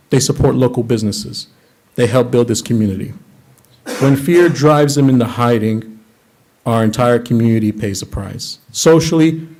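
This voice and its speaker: A man reading a prepared statement during public comment at a city council meeting, earnest, measured and formal. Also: mid-range voice, warm tone. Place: council chamber.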